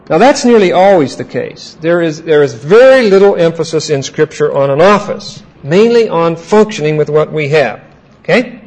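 A man teaching a Bible class, asking his students questions and repeating key points slowly. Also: fairly high pitch, low-quality recording.

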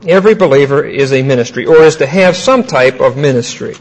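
A man teaching a Bible class, asking his students questions and repeating key points slowly. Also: medium pitch, poor audio.

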